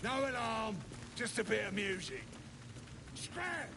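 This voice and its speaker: A man voicing a gruff, wary male goblin guard who gives sly, bossy warnings. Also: high voice, very animated, slow pace, background noise, full character voice.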